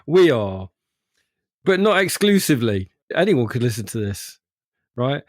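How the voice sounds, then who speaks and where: A man's voice: mid-range voice, sing-song, a little slow, no echo, clean studio sound. A man, co-hosting a podcast in a rambling, good-humoured casual chat. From Derby, England. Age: 50s. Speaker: podcast co-host.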